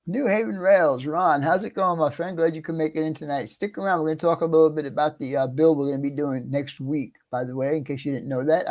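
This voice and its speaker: Gravelly easygoing man hosting a livestream. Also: on the high side, darkish tone. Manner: easygoing, chatty, frequent uh fillers and throat clearing. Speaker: livestream host. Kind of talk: casual live chat greeting viewers.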